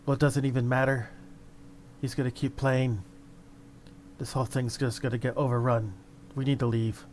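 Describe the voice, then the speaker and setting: A man voicing nervous armed townsmen who talk hoarsely to each other. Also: medium pitch, flat delivery, moderate pace, a little mellow, a little hiss or hum, lightly acted.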